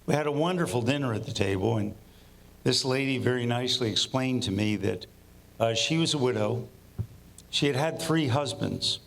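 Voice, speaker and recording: A man's voice: medium pitch, moderate pace, fairly bright tone. A man, a priest, telling a funny anecdote to an audience, with asides that build suspense.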